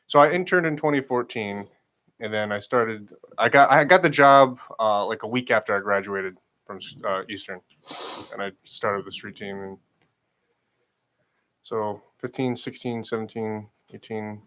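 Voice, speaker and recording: A man's voice: lowish voice, unhurried, a bit bright. A man co-hosting a radio show, chatting casually and often repeating his words. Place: radio studio.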